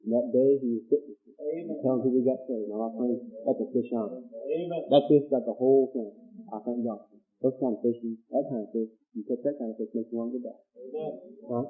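A man's voice: mid-range voice, a little fast, faint music behind. Brief: male preacher, folksy storyteller, sermon style, phone-line lo-fi sound. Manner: folksy, breaks into shouts and laughter. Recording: tinny phone-like lo-fi recording.

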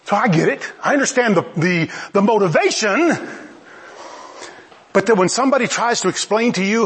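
High, lively male preacher. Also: moderate pace. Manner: animated and emphatic, with laughing asides. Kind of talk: sermon.

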